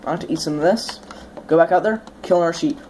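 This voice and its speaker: Excitable young woman commenting on gameplay. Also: lowish voice, quick pace, a little hiss or hum. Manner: chatty and excitable, swears, bursts into sudden shrieks when startled. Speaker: let's play host.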